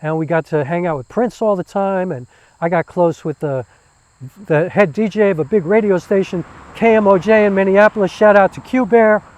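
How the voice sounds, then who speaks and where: A man's voice: high-pitched, moderate pace, darkish tone, poor audio. A man, a theater performer and former musician, talking casually and enthusiastically with many fillers. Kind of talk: casual interview talk.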